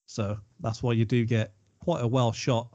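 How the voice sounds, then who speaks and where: A man's voice: medium pitch, level tone, moderate pace, mellow, no echo, dull audio. A man co-hosting a casual film chat, chatty and digressive, given to self-deprecating asides. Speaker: podcast co-host.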